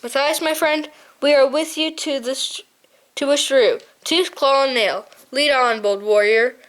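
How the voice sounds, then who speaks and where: A woman reading aloud as a blunt male shrew chieftain, hearty and loyal, in a fairly high voice. He speaks plainly, as if in a storybook, pausing now and then. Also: fairly bright tone. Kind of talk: audiobook reading.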